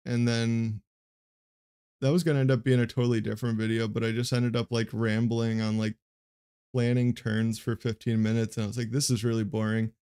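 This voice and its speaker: Young male streamer, monotone casual commentator, warm and smooth with a gravelly edge. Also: medium pitch, a little fast. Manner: monotone, rambling with many fillers. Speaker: streamer commenting on a card game match. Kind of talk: casual live play-by-play commentary.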